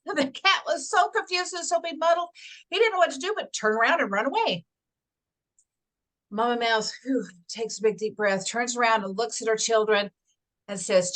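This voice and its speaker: A woman's voice: medium pitch, normal speed, fairly bright tone. A woman hosting a motivational workshop, talking enthusiastically, laughing often and telling stories. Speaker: workshop host and motivational coach. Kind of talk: motivational workshop talk with storytelling.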